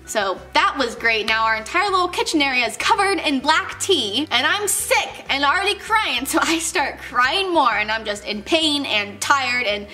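A woman's voice: high voice, lively intonation, moderate pace, few pauses, sharp tone, faint music behind. A young woman telling work stories to her camera in a chatty, casual way, full of "like" and acted-out quotes. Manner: chatty, many "like"s, acts out quoted voices. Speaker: vlogger.

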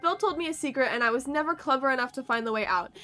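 A woman's voice: sits high, quick pace, bright, forceful tone. A woman reading an earnest ten-year-old girl. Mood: rambling. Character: frightened ten-year-old girl searching for her cat.

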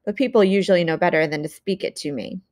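A woman's voice: fairly low pitch, fast, darkish tone, no room sound, clean studio sound, natural voice. A woman voicing an ancient, towering yew-tree monster that speaks in a stern, formal, commanding way while reading an audiobook. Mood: puzzled, haughty.

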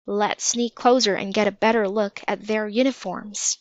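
A woman voicing a cautious, serious young boy in a storybook reading, often hushed. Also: mid-range voice, fairly even intonation, normal speed, no echo, lightly acted. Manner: worried, hushed. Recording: dull lo-fi recording.

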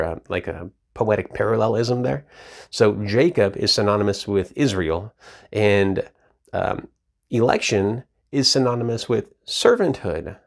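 A man's voice: lowish voice, gravelly. A man teaching from the Bible in a casual, emphatic way, often repeating words as he reads and explains verses. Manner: emphatic, repeats words while reading scripture.

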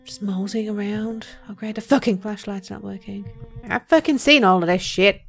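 A young woman hosting a horror game let's play, joking and swearing, swinging between loud outbursts and whispers. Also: medium pitch, moderate pace, gravelly, faint music behind. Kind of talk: gameplay commentary.

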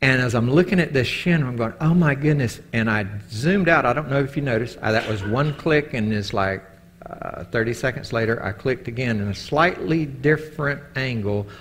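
A man giving a casual Bible teaching talk, telling animated stories and often checking in with his listeners. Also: mid-range voice, normal speed, a little hiss or hum. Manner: animated storytelling, keeps asking "okay?".

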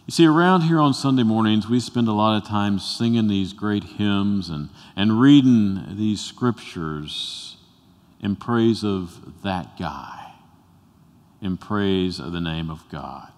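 A male pastor preaching a sermon, telling a story that swells to loud bursts and drops to a hush. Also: on the low side, takes it slowly. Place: church sanctuary. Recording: long reverb in a church sanctuary.

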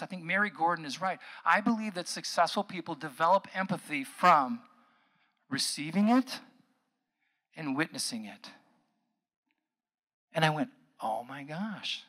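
A man's voice: on the high side, animated, normal speed, long pauses. Earnest man giving a psychology talk. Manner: earnest, shifting from soft asides to emphatic outbursts. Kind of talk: public lecture.

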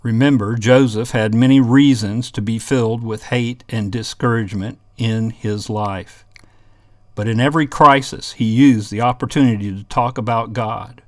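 A man's voice: medium pitch, steady tone, moderate pace, dry recording, studio quality. Earnest man teaching a Bible class. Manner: earnest, reads scripture aloud and comments. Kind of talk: Bible lesson reading scripture.

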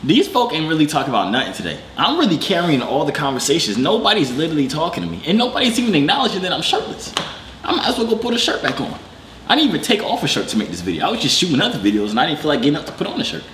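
A man's voice: on the high side, huge pitch swings, rapid-fire, roomy sound, noisy background. A man vlogging casually on a video chat app, joking and teasing the strangers he meets. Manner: joking, teasing, talks to himself.

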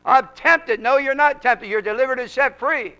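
A man's voice: very high voice, a little fast, sharp tone, clear, resonant tone, low-quality recording. A male preacher leading a congregation in prayer in an auditorium, fervent, with rhythmic, repeated calls.

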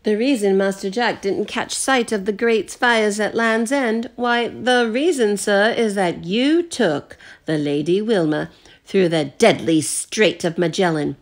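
A woman's voice: medium pitch, unhurried, lightly acted. Woman doing a polite English butler. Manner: formal, precise, courteous. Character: polite English male butler, calm and clever.

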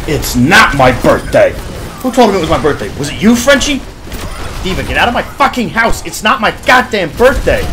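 A man playing a video game and joking through his match, with loud, profane trash talk and mock-whiny theatrical bits. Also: high-pitched, very animated, a little fast, noisy background. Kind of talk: comic gameplay commentary. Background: background music.

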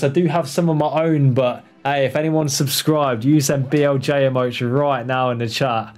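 Man, live speedrun commentary, excitable, swears, mid-pitched, faint music behind. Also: normal speed, hardly any pauses. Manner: excitable, swears, talks to the game character and chat. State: out of breath when tense. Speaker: speedrun streamer.

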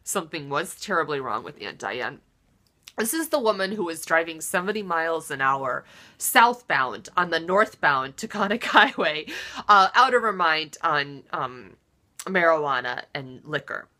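A woman hosts her own comedy show, her voice bright and forward. She rants in a self-mocking monologue, jumping from loud theatrical outbursts to low muttered asides. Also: sing-song, unhurried. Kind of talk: deadpan self-deprecating comic monologue.

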